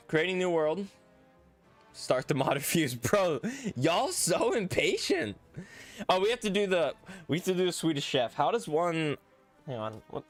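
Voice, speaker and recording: A man's voice: medium pitch, a bit bright. A man casually chatting and rambling with fillers while live streaming a game and greeting viewers. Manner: rambling, easygoing, many fillers.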